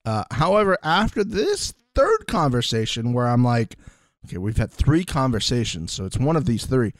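A man's voice: moderate pace, dry recording. A man co-hosting a casual reality show recap podcast, acting out other people's lines in mock voices. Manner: animated, swings pitch for mock quotes. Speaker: podcast co-host.

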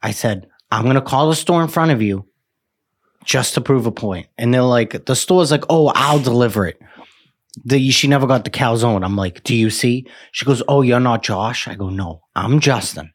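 A man's voice: mid-range voice, normal speed, husky. A man, co-hosting a podcast, telling a long gripe story in casual, profane chat. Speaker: podcast co-host.

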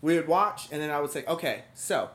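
A young woman talks as a guest on a casual podcast. She tells a story loosely and acts out the lines of people in it. Her voice sits low but jumps around a lot. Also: animated, fairly quick. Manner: storytelling, acts out quotes animatedly. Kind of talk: casual chat.

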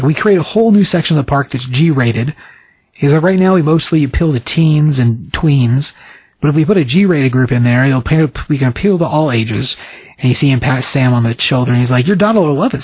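A man's voice: medium pitch, darkish tone, breathy edge, no room sound, poor audio. A man casually retelling a story scene by scene, rambling with many fillers and restarts. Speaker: recapping a story. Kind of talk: casual retelling with quick voiced quotes.

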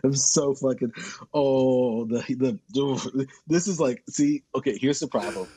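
A man's voice: mid-range voice, unhurried, warm tone, husky, no room sound. A man co-hosting a casual comedy podcast, ranting in frustration with heavy swearing. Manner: profane, ranting, exasperated. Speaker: podcast co-host.

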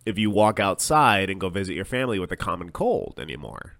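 A man co-hosting a comedy podcast, loud and jokey, swearing often. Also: sits low, very animated, brisk. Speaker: podcast co-host. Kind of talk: casual comedic chat.

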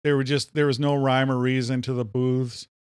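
A man from Minnesota who co-hosts a podcast and tells stories in a lively, joking way during a casual chat. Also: mid-range voice, normal speed, clean tone, no echo, clean studio sound. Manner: animated storyteller, jokey. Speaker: podcast co-host.

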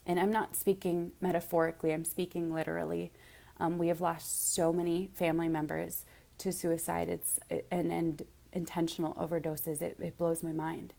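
Earnest woman, lower voice, heartfelt. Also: level tone, moderate pace, gravelly, dark tone. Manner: emotional, near tears at times. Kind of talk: motivational monologue.

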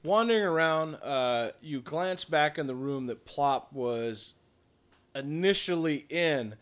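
A man running a tabletop game as game master, describing scenes with pauses and "uh"s. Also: a little high, expressive, fairly bright tone, clear, resonant tone.

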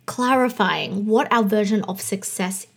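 A woman's voice: mid-range voice, measured pace, vocal fry, breathy edge. A woman of thirty with a slight lisp, hosting a casual solo podcast in a bubbly, chatty way. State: slight lisp from new aligners. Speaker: podcast host and coach.

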